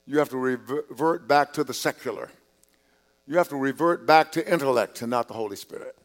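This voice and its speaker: Man preaching with quiet asides, medium pitch. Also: a little fast. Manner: conversational preaching with repetitions and restarts; drops to quiet asides, rises on emphasis. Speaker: pastor. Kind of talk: sermon.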